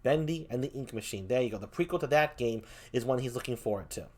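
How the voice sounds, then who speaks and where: A man's voice: medium pitch, expressive, quick pace, a little mellow. A man hosting a casual livestream interview, chatty and upbeat, greeting viewers as he goes. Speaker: show host.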